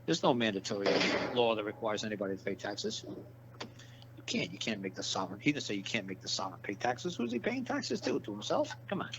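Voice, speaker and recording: Brisk, with a lowish voice and lively intonation, a man gives a casual interview as a guest, blunt and foul-mouthed, wandering through stories and restating his points. Background hiss runs under the dull, lo-fi recording.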